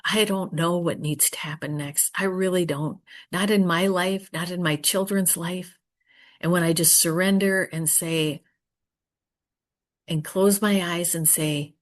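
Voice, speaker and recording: A woman speaking at a recovery meeting, earnest and prayerful, often trailing off softly and pausing to search for words. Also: on the low side, steady tone. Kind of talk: personal share and Q&A answer.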